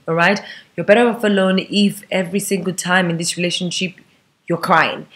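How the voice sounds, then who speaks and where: A woman's voice: medium pitch, fairly bright tone. A young woman talking straight to camera, giving relationship advice in a sassy, preachy way full of rhetorical questions. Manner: bobs her head while talking. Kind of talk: direct-to-camera advice monologue.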